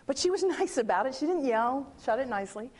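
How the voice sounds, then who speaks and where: A woman sharing a personal testimony as an animated story, acting out quotes and often restarting her sentences. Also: sits high, quick pace.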